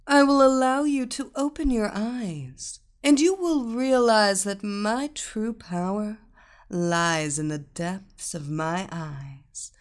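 A woman voicing a seductive blonde villainess who is a hypnotist, giving slow, drawn-out hypnotic commands. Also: mid-range voice, darkish tone. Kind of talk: storybook role voicing.

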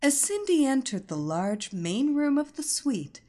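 A woman reading an audiobook story aloud as its narrator, with expressive storytelling. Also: high voice, unhurried.

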